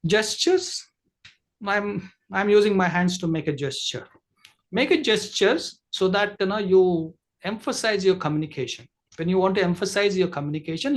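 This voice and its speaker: A man's voice: high voice, expressive, moderate pace. A man who trains people in communication, giving an online masterclass lecture over a video call, explaining at length with many fillers and restarts.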